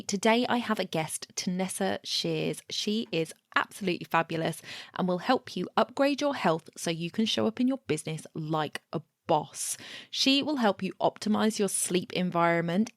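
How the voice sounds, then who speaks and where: Woman, podcast host, enthusiastic, chatty, fairly low voice, dry recording. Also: no room sound. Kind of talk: casual podcast interview.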